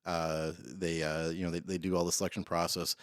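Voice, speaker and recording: A man's voice: low voice, flat delivery, fairly quick, no echo, clean studio sound. A man, a police dog trainer and guest, telling rambling stories in a casual interview. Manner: rambling, self-interrupting storyteller.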